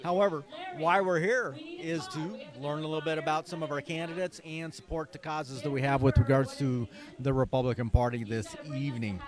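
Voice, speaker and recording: A man's voice: a little high, fairly quick. A man interviewing a guest at an evening gala, chatty and rambling, with folksy asides. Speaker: event interviewer. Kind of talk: casual on-site interview. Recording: busy crowd behind.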